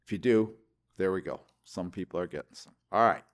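Older pastor preaching with fervor. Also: male voice, sits low, a little fast. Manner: impassioned, repeats words and questions, rising emphasis. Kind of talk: sermon. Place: church service with congregation.

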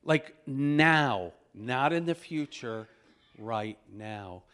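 A man preaching a storytelling sermon, animated and chuckling, who breaks into loud exclamations when he acts out moments. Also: mid-range voice, drawn-out words, smooth. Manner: animated, shouts out quoted exclamations; chuckles while telling stories.

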